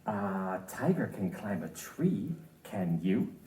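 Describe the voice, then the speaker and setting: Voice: sits low, sing-song, slow pace, warm tone, reverberant, heavily acted. Someone voicing a skeptical animal in a storybook read-aloud, teasing and scoffing at a mouse.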